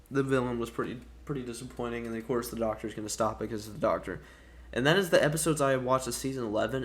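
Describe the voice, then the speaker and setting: Frustrated young-sounding man ranting casually. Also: medium pitch. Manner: rambling, profane, frustrated, peppers talk with "dude" and "man". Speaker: gaming YouTuber. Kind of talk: casual ranting review to camera.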